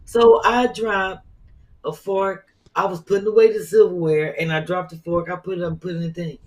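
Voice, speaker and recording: A middle-aged woman co-hosting a casual podcast, telling stories with playful, animated complaints. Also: fairly low pitch, moderate pace. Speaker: co-host.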